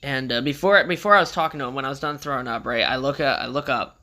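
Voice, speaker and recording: A man's voice: medium pitch, fast, bright, forceful tone. A young man casually telling a rambling story in a vlog, with loose slangy talk and frequent swearing.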